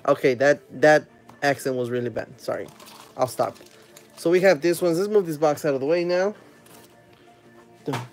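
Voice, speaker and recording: A man hosting a live stream, opening trading card packs with excited casual commentary, humming while he opens them and chatting with viewers. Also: on the high side, normal speed, soft background music. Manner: chats with viewers and reads their comments aloud.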